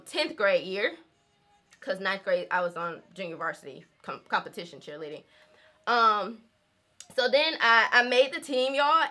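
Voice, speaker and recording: A young woman talks straight to her viewers while she works on her hair. Her voice is bright and sits a little high. She is chatty and laughs often, calling her viewers y'all. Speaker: vlogger. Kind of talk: casual chat while doing her hair.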